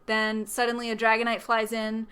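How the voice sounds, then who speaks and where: A woman co-hosts a casual podcast, racing through a film plot and tossing in playful quoted lines. Her voice is fairly high, with a bright, crisp, clear tone. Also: completely flat delivery. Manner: chatty, quick plot-summarizing with frequent ums and playful quoted lines. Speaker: podcast co-host. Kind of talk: casual chat recapping a film.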